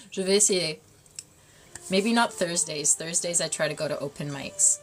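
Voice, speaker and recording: A woman's voice: lowish voice, animated, measured pace. Giggly woman chatting live. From Canada. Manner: bubbly, giggly, switching between English and French. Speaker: livestream host reading chat. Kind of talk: casual live chat.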